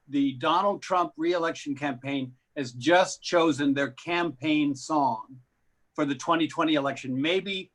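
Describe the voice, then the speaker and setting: A man's voice: a little high, a bit bright. A man doing a stand-up comedy set on a live stream, with wry, self-deprecating delivery.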